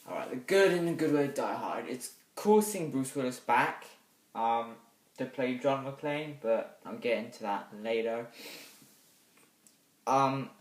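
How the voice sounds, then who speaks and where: Casual young male reviewer, mid-pitched, hesitant with loud bursts, roomy and distant mic. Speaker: movie reviewer. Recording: echoey room, mic set back.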